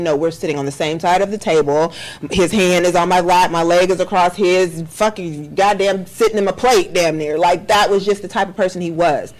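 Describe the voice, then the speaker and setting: A middle-aged woman co-hosting a podcast, giving candid, blunt relationship advice in casual chat and swearing freely. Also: on the low side. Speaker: podcast co-host.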